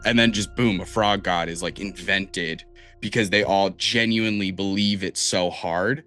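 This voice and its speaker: A man's voice: low-pitched, steady tone, normal speed, pushed and bright, faint music behind. Casual, rambling man running a tabletop game. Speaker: dungeon master.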